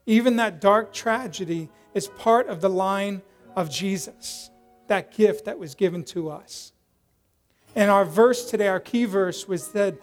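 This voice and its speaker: Animated high-voiced male preacher. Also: a little slow, soft background music. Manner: animated storyteller, acts out quoted voices loudly, drops to soft prayerful tone. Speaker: pastor. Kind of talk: sermon with storytelling.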